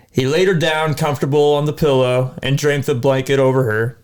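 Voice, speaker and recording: A man's voice: medium pitch, steady tone, fairly quick, few pauses, darkish tone, clean tone. Young man casually reading a spooky story. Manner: laid-back, stumbles and laughs over words. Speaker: podcast co-host.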